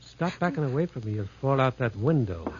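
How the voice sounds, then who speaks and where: An actor playing a brutal, crooked private eye in a 1940s radio drama, gruff and threatening. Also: male voice, medium pitch, very animated, brisk, a little mellow. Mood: menacing. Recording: dull lo-fi old radio with faint hiss.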